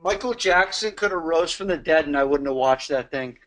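A man's voice: a little high, a little fast, fairly bright tone. A man co-hosting a podcast in casual chat, bantering bluntly and swearing. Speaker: podcast co-host.

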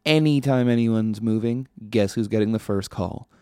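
A man's voice: lowish voice, moderate pace, mellow, smooth, dry recording, studio quality. A man hosting a podcast, delivering a casual comedic monologue in a sardonic, ranting, profane way. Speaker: podcast host.

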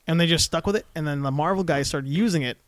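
Male co-host, fairly high voice, rapid talker, dry close mic, chatty and laughing. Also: clean tone, no echo. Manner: quick, chatty, laughs often, comic-book trivia buff. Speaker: podcast co-host. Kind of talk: casual chat.

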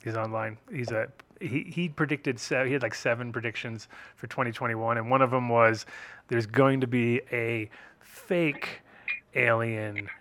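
Bright-voiced joking podcast host. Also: male voice, mid-range voice, steady tone, measured pace, slight background noise. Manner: joking, swears freely, trails off mid-sentence. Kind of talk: casual chat. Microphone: remote call setup.

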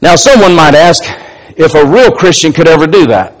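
A male pastor delivers a sermon in a voice that sits fairly high for a man. He drops to quiet, low asides, then climbs back up for emphatic points. He reads scripture passages aloud and acts out the dialogue in them. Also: expressive, normal speed, poor audio. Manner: preaching with wide swings between soft low asides and raised emphatic lines.

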